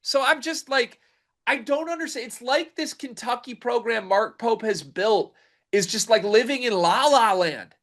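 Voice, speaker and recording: A man's voice: very high voice, lively intonation, measured pace, fairly bright tone. A man hosting a casual sports talk show, emphatic and incredulous, with a rambling delivery. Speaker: sports podcast host.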